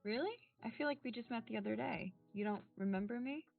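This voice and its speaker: A woman's voice: a little high, quick pace, creaky, faint music behind. A woman playing a tabletop role-playing game, answering and acting boldly as her character. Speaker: player. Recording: tinny, dry phone-like sound.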